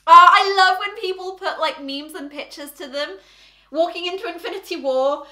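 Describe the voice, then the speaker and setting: A woman's voice: very high-pitched, normal speed, bright, forceful tone. A young woman in her twenties hosting a casual reaction vlog, chatty and bubbly, with lots of "like" fillers. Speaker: YouTube host. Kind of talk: casual reaction chat to camera. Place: indoor home room. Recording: roomy echoey room.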